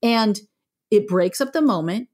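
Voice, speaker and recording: Talking a little slowly in her mid-range voice, a middle-aged parenting author gives an interview that feels like a conversation. Frank and lively, she speaks plainly and lets a few mild swear words slip.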